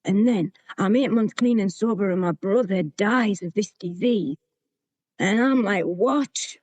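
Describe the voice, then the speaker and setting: A woman's voice: medium pitch, measured pace, a little mellow, dry recording. A woman, telling her own recovery story to a meeting in a candid, plain-spoken way. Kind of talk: sharing a personal recovery story.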